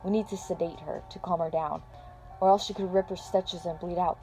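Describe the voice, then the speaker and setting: A woman voicing a male doctor who gives calm, matter-of-fact orders. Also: fairly low pitch, fairly quick, faint music behind, close to an everyday voice.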